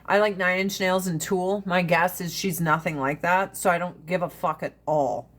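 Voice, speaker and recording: A woman's voice: fairly low pitch, steady tone, moderate pace. A woman hosting a casual livestream chat, blunt and profane, rambling from one rant to the next. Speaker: livestream host.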